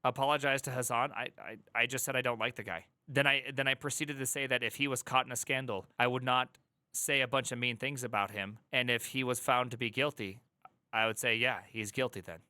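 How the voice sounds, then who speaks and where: A man's voice: medium pitch, fairly even intonation, brisk, bright, forceful tone, clear, resonant tone, no echo. Agitated male streamer ranting. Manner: heated, repetitive stammering restarts. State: angry and upset. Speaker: streamer reacting to an article. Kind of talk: live stream reaction rant.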